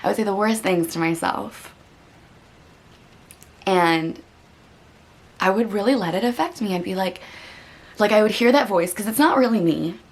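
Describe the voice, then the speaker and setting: A woman's voice: mid-range voice, moderate pace, long pauses. A woman hosting a meditation channel talks candidly to the camera, earnest and reflective, with lots of "like" and "you know", and at times she is close to tears. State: getting emotional. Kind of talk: candid personal talk to camera.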